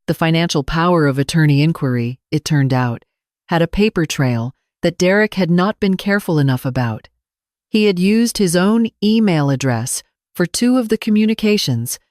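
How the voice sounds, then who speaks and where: Low-voiced older woman telling a story. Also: no room sound, studio quality. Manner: measured, calm and reflective. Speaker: narrator. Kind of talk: first-person story narration.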